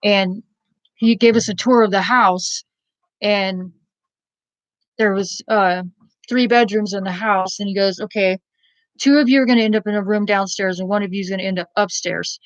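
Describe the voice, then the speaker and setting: A woman's voice: medium pitch, steady tone, moderate pace, dry recording, muffled recording. A woman casually telling a personal story in a blunt, rambling way, with many fillers and some swearing.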